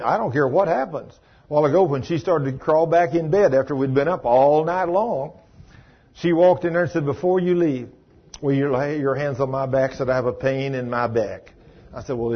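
Preaching emphatically, a man with a husky, medium-pitched voice tells a story, letting his voice rise and fall for stress. The audio is dull and lo-fi.

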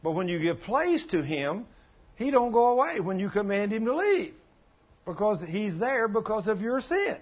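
A man's voice: high-pitched, big pitch swings, normal speed, muffled recording. A man in his late sixties preaching a sermon in a folksy, conversational way, telling stories and asking the congregation questions. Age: 60s. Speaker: pastor. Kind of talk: sermon with storytelling.

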